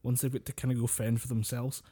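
Easygoing scottish guy on a podcast, mellow warm tone. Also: mid-range voice, flat delivery, fast talker, husky. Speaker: podcast co-host. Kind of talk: casual podcast chat.

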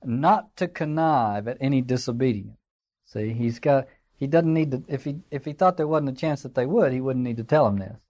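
A man's voice: mid-range voice, a little fast, mellow. A man giving a classroom lecture in a conversational, digressive way, with fillers and wry asides. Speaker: teacher.

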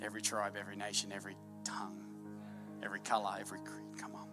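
A man preaching a sermon to his congregation, swinging between hushed asides and loud, fervent peaks. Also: fairly low pitch, completely flat delivery, quick pace, music in the background. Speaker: pastor.

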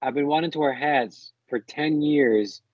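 A man's voice: fairly high pitch, measured pace, a little mellow, no room sound, lo-fi sound. A young man co-hosting a podcast in casual chat, rambling and laughing, often sliding into mock voices. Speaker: podcast co-host.

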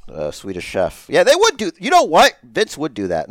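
A man's voice: on the high side, wildly swooping pitch, moderate pace, no echo, studio quality. A congested man co-hosting a podcast, rambling, joking and swearing in casual chat. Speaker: podcast co-host.

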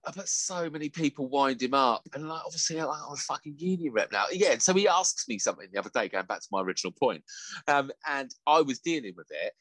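A man's voice: medium pitch, fast talker, no room sound. A man, telling stories in casual chat, swearing a lot and laughing as he goes. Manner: sweary, animated storytelling with laughs. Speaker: podcast co-host.

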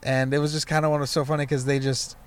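A man's voice: fairly high pitch, level tone, fast, clear, resonant tone. A young man, a stand-up comedian, telling a loose, profane story from his past in a casual chat, full of fillers like "you know" and "like". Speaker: comedian guest.

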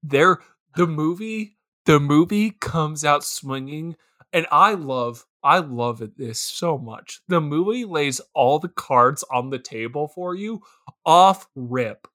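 A man's voice: on the high side, animated, takes it slowly, fairly bright tone. A young man co-hosting a casual comedy podcast about a movie, laughing often and putting on exaggerated voices when he quotes people. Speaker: podcast co-host.

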